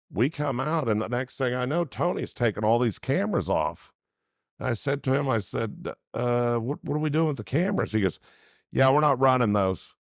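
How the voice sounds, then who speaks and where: A man's voice: on the low side, dry recording, studio quality. A man co-hosting a casual talk show, telling folksy stories and acting out the dialogue. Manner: folksy anecdote teller who acts out dialogue. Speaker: co-host.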